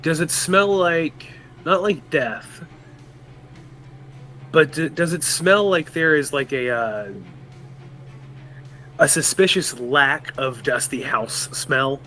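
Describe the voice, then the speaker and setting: A man's voice: fairly high pitch, takes it slowly, pauses often, bright, forceful tone, soft background music. A man playing a tabletop game, talking through his character's actions and asking the game master questions. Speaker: player. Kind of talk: casual tabletop play.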